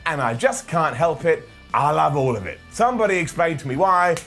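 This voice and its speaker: Wrestling reviewer, sarcastic, lively up-and-down delivery. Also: male voice, on the high side, fairly quick, faint music behind. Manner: sarcastic, joking asides. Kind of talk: casual comedic video commentary.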